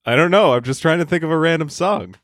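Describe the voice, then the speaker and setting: A man chatting on a casual podcast in a laid-back, low-key way. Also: fast, fairly bright tone, no echo, studio quality. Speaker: podcast co-host. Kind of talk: casual chat.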